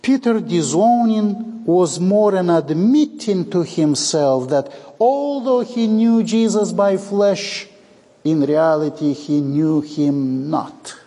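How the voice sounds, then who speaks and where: Male preacher, dramatic sermon delivery, husky, big hall reverb. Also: high-pitched, expressive, slow pace, warm tone. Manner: dramatic, acts out quoted dialogue.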